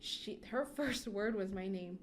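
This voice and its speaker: A woman's voice: medium pitch, a little slow, over a noisy crowd. A young woman co-hosting a podcast in casual chat, talking easily and laughing between phrases. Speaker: podcast co-host. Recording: clear background noise.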